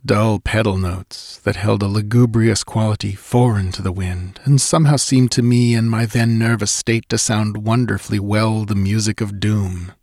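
A man narrating a literary story in the first person, measured and somber. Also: on the low side, darkish tone, no echo, studio quality. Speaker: audiobook narrator. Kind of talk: scripted narration of a literary tale.

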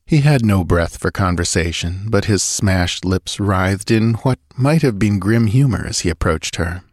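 A man narrating an audiobook in a measured, even storytelling manner on a close mic. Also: deep voice, no room sound. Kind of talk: scripted narration.

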